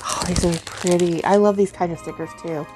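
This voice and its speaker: A middle-aged woman chatting casually as she unboxes giveaway gifts, gushing with excited oohs and soft gasps. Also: lowish voice, fairly quick, over music. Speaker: vlogger unboxing a giveaway box.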